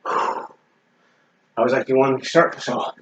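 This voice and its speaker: A martial arts fitness instructor talks his class through a workout while doing every move himself. He counts reps out loud and calls out his strikes as he punches. He sounds out of breath as the session goes on. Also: mid-range voice, fast.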